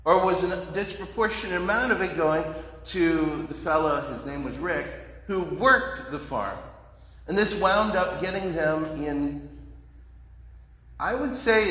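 A male pastor preaching in a folksy, conversational storytelling style. His voice sits a little high for a man. The sound carries the long ringing reverb of a large hall. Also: a little slow, sharp tone. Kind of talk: storytelling sermon.

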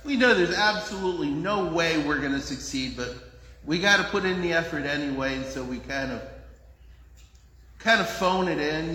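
A man's voice: a little high, pushed and bright, echoey room, long reverb tail, low-quality recording. A man pastor giving a conversational, humorous sermon in a church, acting out the voices in his stories. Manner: conversational, humorous storytelling, acts out quotes.

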